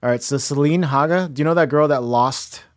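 A man's voice: on the high side, a little fast. Man recapping a story, hesitant. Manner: recounts news story step by step, hesitant fillers. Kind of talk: casual chat.

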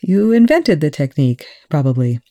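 A reader voicing Eli, a nervous, chatty young man who babbles and drops into hurried whispers. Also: mid-range voice, sing-song, mellow, no room sound, clean studio sound. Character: anxious young male tech whiz, chatty and nervous.

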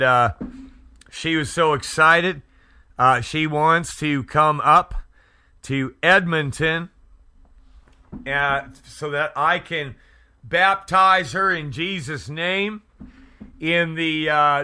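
Slow, very bright-voiced man preaching. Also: on the high side, smooth. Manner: halting, with frequent restarts and fillers; fervent, prays aloud. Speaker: Christian internet radio host. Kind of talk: casual faith talk show. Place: Edmonton area.

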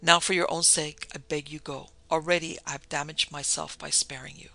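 A man reading the lines of a desperate young woman who pleads in a hushed way. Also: on the high side, little pitch movement, normal speed, creaky, heavily acted. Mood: pleading.

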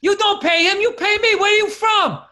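A man putting on the voice of a scolding adult male cab driver who yells in clipped, blunt phrases. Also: extremely high pitch, steady tone, moderate pace, voice pushed up, full character voice. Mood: scolding yelling. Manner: shouted, clipped street talk.

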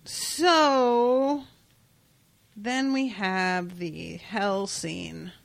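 A woman's voice: medium pitch, extremely slow, creaky. A woman co-hosting a casual podcast, retelling a comic story and quoting its characters, often laughing. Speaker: podcast co-host. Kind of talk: casual chat recapping a comic.

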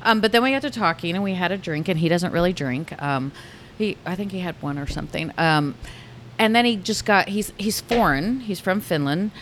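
A woman with a fairly low voice chats casually on a talk show, telling a story. She acts out both sides of the conversation with lively swings. A faint hiss sits under her voice. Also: a little fast. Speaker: co-host telling a dating story. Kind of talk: casual chat.

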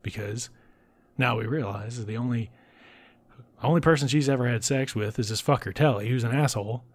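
A man giving a casual recap of a film, talking bluntly with profanity and dropping into breathy whispered asides. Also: medium pitch, fairly quick. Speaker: film reviewer.

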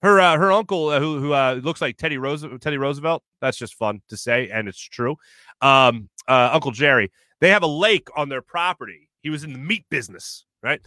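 A man's voice: mid-range voice, a little fast, sharp tone, no echo, studio quality. A man hosting a casual sports talk show, chatty and rambling, reading out listener comments with many fillers. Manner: reads listener comments aloud. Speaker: sports radio host.

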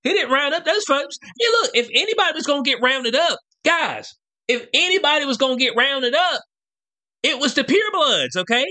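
Animated, bright-voiced slangy male commentator. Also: extremely high pitch, moderate pace. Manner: slangy, rhetorical, keeps asking "you know what I'm saying". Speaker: political commentary vlogger. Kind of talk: casual commentary rant.

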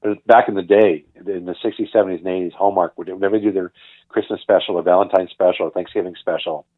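A man's voice: deep voice, fast, dry recording. An older man, a guest actor and producer, telling stories casually in an interview and acting out the people he quotes. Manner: animated storyteller who acts out the people he quotes. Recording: tinny phone-like line, dry.

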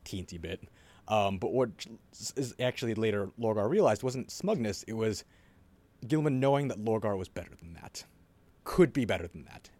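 A man on a podcast, casually retelling a story in a loose, animated way, with swearing and quoted voices. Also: on the low side, normal speed, dry recording. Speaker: podcast host.

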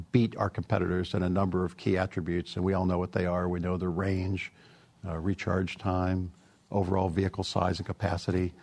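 A middle-aged man with a gravelly voice, an automotive executive answering interview questions in an easygoing, anecdotal way with plenty of fillers. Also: low voice, darkish tone.

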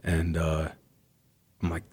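A man with a very low, dark voice speaks as a police officer guest. He talks haltingly and uses fillers as he shares his view in conversation. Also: monotone, slightly rough. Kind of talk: conversational interview answer.

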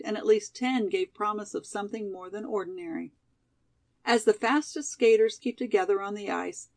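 Brief: woman narrator, steady audiobook reading, some fry in the voice. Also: medium pitch. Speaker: audiobook reader. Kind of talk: scripted narration of a classic novel.

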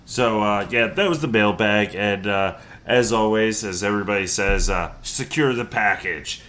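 A man's voice: lowish voice, normal speed, a bit bright. A man on a casual podcast, laid-back and hesitant.

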